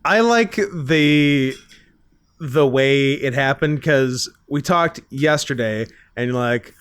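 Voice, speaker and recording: A man co-hosting a podcast in casual chat, joking and laughing often in quick banter. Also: medium pitch, fairly bright tone, smooth, no room sound. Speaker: podcast co-host.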